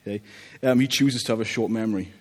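Guy preaching, low voice, chatty and jokey, keeps asking okay?. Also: fast talker, darkish tone. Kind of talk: conversational sermon.

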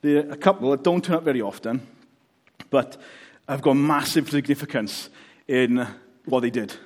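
A man's voice: medium pitch, normal speed. A Welsh man preaching a casual, joking sermon, often checking in with the congregation. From Wales. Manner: chatty, joking, checks in with "okay?".

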